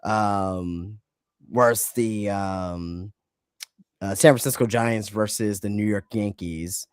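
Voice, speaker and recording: Male podcast co-host, lowish voice, dry close mic, easygoing. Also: fairly even intonation, slow, clear, resonant tone, no room sound. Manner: laid-back, lots of short agreements and fillers. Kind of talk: casual podcast chat.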